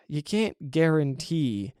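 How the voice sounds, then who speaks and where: A man hosting a podcast as a hobby game developer, talking in an excited, rambling way with frequent laughs. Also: fairly high pitch, smooth, no room sound, clean studio sound. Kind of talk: casual solo podcast monologue.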